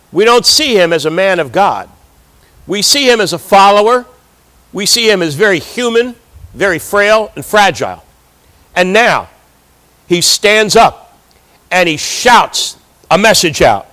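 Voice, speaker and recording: High-voiced preaching man. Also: a bit bright. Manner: reads scripture aloud, then explains it with rising emphasis. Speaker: pastor. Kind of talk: sermon. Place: church sanctuary.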